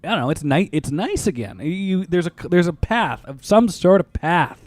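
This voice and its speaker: Podcast co-host, man, slightly high voice, rambly and laughing, dry close mic. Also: lively intonation, moderate pace, darkish tone, no echo. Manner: rambling, laughs often, trails off into fillers. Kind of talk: casual sports chat.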